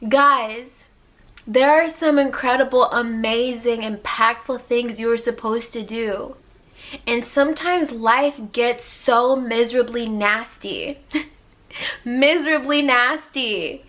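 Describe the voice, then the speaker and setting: High, bright-voiced woman preaching hard. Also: slow. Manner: emphatic and preachy, acting out God's voice with loud high swoops; repetitive, conversational, with frequent "like". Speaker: life coach and podcast host. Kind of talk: motivational spiritual talk.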